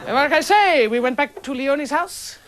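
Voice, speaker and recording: A young adult woman telling a stand-up story in a dry, deadpan way to a laughing live audience. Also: sits high, normal speed. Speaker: comedian. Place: stage before a live audience. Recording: lo-fi old television recording with loud hiss.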